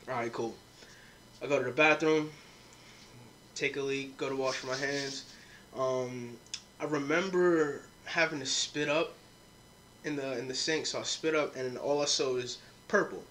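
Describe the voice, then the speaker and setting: The speaker is a young man hosting a podcast, his medium-pitched voice steady, fairly bright, and unhurried, with long pauses. He casually recounts a rowdy drinking story to friends, swearing and quoting dialogue throughout.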